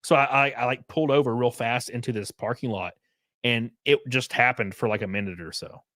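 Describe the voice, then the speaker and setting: A man talking casually on a live stream, animated, swearing freely and breaking into quick laughs. His voice sits in a middle range and the mic is close and dry. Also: mid-range voice, no room sound. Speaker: streamer host.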